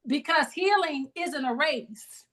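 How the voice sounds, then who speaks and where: A woman's voice: high voice, animated, takes it slowly, fairly bright tone. A middle-aged woman leading a grief support group on a video call, encouraging people with preacherly call-and-response. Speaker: grief ministry leader.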